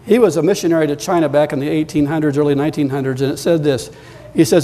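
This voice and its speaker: A man preaching a sermon as pastor, telling stories and climbing louder and higher when he presses a point. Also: fairly even intonation, fast talker. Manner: storytelling, rising in pitch and volume when emphatic. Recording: long reverb of a large hall.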